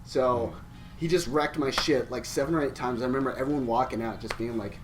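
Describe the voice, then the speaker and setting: A man's voice: mid-range voice, steady tone, a little fast, slight background noise. A man co-hosting a podcast, telling a gaming story in casual chat, swearing and laughing as he goes. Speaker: podcast co-host.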